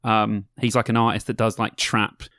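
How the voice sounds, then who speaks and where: A man's voice: lowish voice, level tone, normal speed, fairly bright tone, no echo, studio quality. A young man co-hosting a podcast, chatting casually and rambling with lots of ums as he explains music styles. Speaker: podcast co-host. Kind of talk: casual chat reviewing festival bands.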